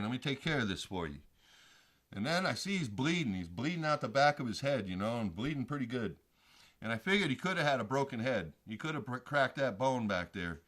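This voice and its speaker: Brief: male host, rambling salty storyteller, raised pitch, very animated delivery. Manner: rambling, salty, swears freely. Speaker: show host. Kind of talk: casual personal storytelling to camera.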